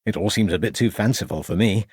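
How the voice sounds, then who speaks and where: A man voicing a brisk, authoritative Victorian police inspector in an audiobook reading. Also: on the low side, darkish tone, slightly rough, no room sound, clean studio sound. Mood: dry. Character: stern, clipped Victorian male detective inspector.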